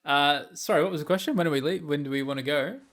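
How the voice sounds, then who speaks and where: A man's voice: fairly high pitch, fast, a bit bright. Easygoing man playing a tabletop game. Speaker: player. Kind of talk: casual chat, tabletop role-play.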